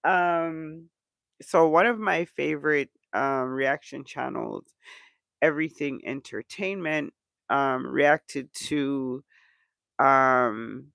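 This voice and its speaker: Slow, gravelly stuffed-up man. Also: mid-range voice, a bit bright, no echo. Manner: chatty, many "um" fillers. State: stuffed-up nose. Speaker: reaction channel host. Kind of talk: casual reaction chat.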